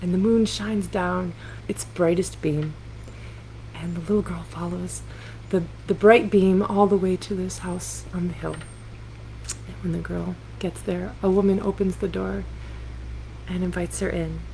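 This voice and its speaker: A singer-songwriter woman telling a story on a livestream in a gentle, unhurried way with hesitant fillers, recorded on a laptop mic. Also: lowish voice, steady tone, gravelly, a little hiss or hum, rough recording. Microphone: laptop computer mic.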